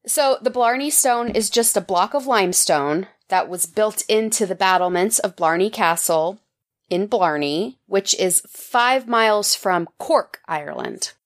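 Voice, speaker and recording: A woman's voice: medium pitch, animated, a little slow. A woman co-hosting a podcast, casually summarizing articles in a playful way and laughing often. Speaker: podcast co-host.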